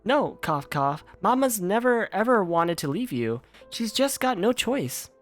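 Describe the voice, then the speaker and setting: A man voicing a weak, dying mother who coughs and speaks slowly and tenderly to her child. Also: high-pitched, big pitch swings, soft background music, pitched above the performer's own voice. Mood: tender, mournful. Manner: soft, slow, tender pleading.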